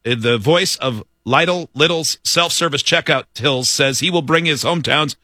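A man's voice: fairly high pitch, a little slow, pushed and bright, no room sound, studio quality. A man hosting a casual morning radio show, reading news items aloud and joking with his co-hosts. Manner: reads news aloud with jokes and laughter.

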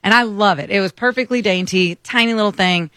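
Man, American, morning show host, chatty storyteller, high pitch, dry close sound. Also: a little fast, pushed and bright, clear, resonant tone, dry recording. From United States. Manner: chatty, self-mocking, acts out both sides of a story.

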